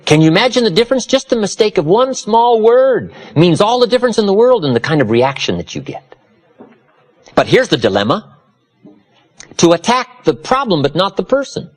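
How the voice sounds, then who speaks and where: Male motivational speaker, husky, very animated pitch, preacherly emphasis. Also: moderate pace. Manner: preacherly, dramatic swings from low confiding to loud emphatic. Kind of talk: motivational seminar talk.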